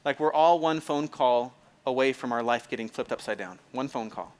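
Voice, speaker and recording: A man's voice: medium pitch, moderate pace, darkish tone. Male pastor, mid-range voice, talky sermon style, stumbles and restarts, checks in with the crowd. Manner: conversational, repeats phrases, asks the audience if it makes sense; restarts and stumbles often, fills with "like".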